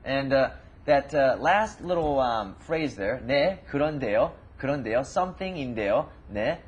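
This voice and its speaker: A man's voice: medium pitch, lively intonation, fast talker, husky, lo-fi sound. A man co-hosting a language lesson, explaining casually with many hesitations. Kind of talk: casual teaching chat.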